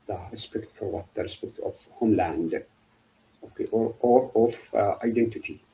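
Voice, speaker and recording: A middle-aged man giving a university literature lecture, halting and often asking then answering his own questions. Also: on the low side, gravelly, highs cut off. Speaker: literature professor.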